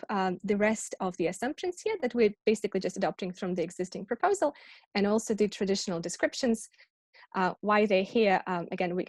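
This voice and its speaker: A woman delivers an academic colloquium talk, explaining each point patiently and often pausing on ums and restarting words. Her voice sits at a mid pitch. The recording is dry and close, as on a video call. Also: a little mellow, no echo. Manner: explanatory, with frequent ums and self-corrections. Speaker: academic lecturer.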